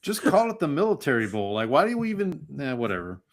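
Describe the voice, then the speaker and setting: A man's voice: medium pitch, very animated, fast. Wry man reading college bowl picks. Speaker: podcast co-host. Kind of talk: casual sports betting chat.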